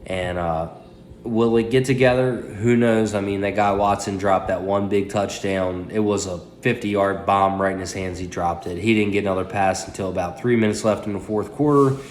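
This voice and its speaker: A man's voice: deep voice, fairly even intonation, normal speed, reverberant, slight background noise. A man in his late twenties giving a casual, profane recap of a fantasy football week, talking into a phone propped up indoors. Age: late 20s. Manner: profane, loose, trash-talking. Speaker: fantasy football league commentator.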